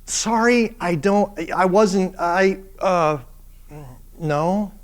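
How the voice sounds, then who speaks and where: A man's voice: high voice, drawn-out words. A man voicing Job as a hesitant, humbled man stumbling over answers. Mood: sheepish. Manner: hesitant, sheepish.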